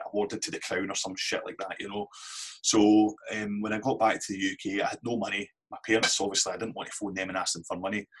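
Brief: Scottish man, low husky voice, candid anecdotal guest. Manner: candid anecdotal storyteller, swears casually. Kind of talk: casual storytelling interview.

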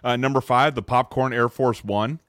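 A man hosting a casual sneaker podcast, swearing freely, restarting sentences and breaking into loud mock outrage. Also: mid-range voice, moderate pace, dry recording, studio quality. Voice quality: profane, restarts often. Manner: excitable, loud outbursts when mock-outraged. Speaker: podcast host.

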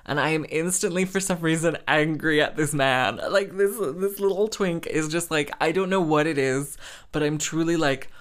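A man's voice: on the high side, moderate pace, fairly bright tone. A man hosting a solo podcast, telling stories in a rambling, self-mocking way, full of fillers and dramatic asides. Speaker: podcast host. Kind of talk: solo casual storytelling chat.

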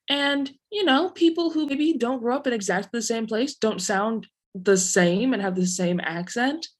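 A woman's voice: mid-range voice, normal speed, darkish tone. A woman with a mid-range voice thinks aloud in a casual discussion. She hedges and searches for words as she makes her point. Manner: thoughtful, hesitant phrasing.

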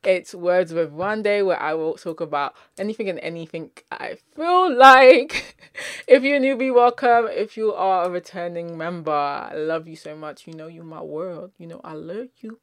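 Animated young woman ranting, dry sound. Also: fairly low pitch, no room sound. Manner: expressive, animated, laughs between lines. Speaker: podcast host. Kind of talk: casual rant to listeners.

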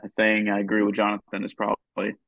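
A man co-hosting a podcast, speaking in a hesitant, halting way with a gravelly voice. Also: fairly low pitch, completely flat delivery, no echo. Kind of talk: casual conversational discussion. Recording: dull lo-fi dry sound.

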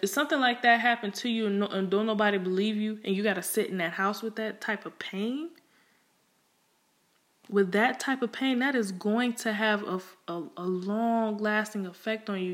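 A young woman talking frankly to the camera in a personal monologue, emphatic and conversational, with plenty of cursing, fillers and restarts. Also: medium pitch.

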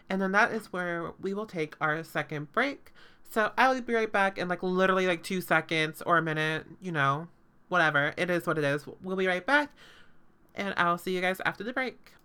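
A woman's voice: fairly low pitch, pushed and bright, clean tone. A woman hosting a podcast, recapping a show in casual, sarcastic chat full of fillers and swearing.

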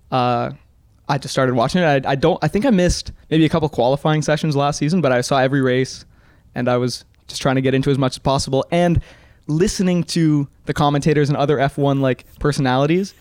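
A man's voice: mid-range voice, darkish tone, clear, resonant tone, no room sound, studio quality. A young man chatting as a podcast guest, laid back and a bit hesitant, often repeating words as he talks. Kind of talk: casual chat.

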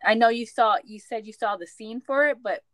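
Woman co-host, earnest book fan, run-on phrasing; mid pitch, dry. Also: moderate pace, fairly bright tone, no echo. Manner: earnest, eager, run-on sentences. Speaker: podcast co-host. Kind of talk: casual interview chat.

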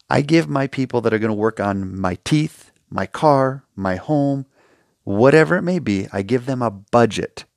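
A man's voice: mid-range voice, animated, normal speed, no room sound, studio quality. A man hosting a solo advice podcast, talking emphatically and with passion, acting out short dialogues. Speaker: podcast host.

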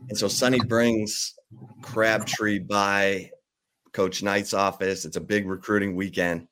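A man hosting a sports talk show, telling stories lively and acting out what others said. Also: on the low side, slow. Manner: animated storyteller, acts out quotes. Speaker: sports radio host. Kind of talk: casual chat.

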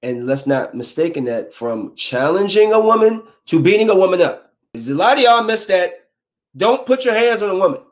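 Slangy, animated man ranting. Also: high-pitched. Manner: animated, preachy, slangy, acts out quick voices. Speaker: vlogger giving dating advice. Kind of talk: casual rant to camera.

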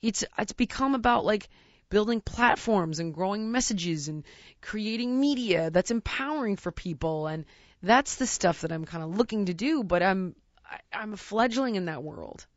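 A woman's voice: mid-range voice, animated, normal speed, no echo, lo-fi sound. A woman in candid casual chat who talks in an earnest, searching way, full of restarts and "like".

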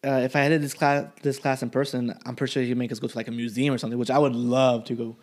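A man's voice: medium pitch, little pitch movement, very fast. A young man, a college student, in a rambling, profane casual chat. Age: young adult.

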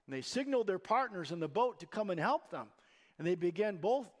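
A man preaching a sermon as pastor, in a conversational, storytelling manner. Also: sits high.

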